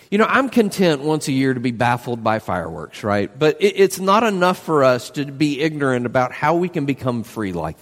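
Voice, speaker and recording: A man preaching with lively, swooping emphasis and a fairly high voice. He leans on rhetorical questions and quick asides. The sound carries a long reverberant tail from a large hall. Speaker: pastor. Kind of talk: sermon.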